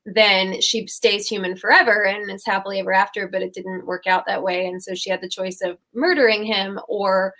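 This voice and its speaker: A woman's voice: mid-range voice, steady tone, normal speed, few pauses, pushed and bright. A young woman co-hosting a casual chat show, retelling fairy tales in a rambling, giggly way. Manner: chatty, rambling, giggly storytelling. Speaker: co-host.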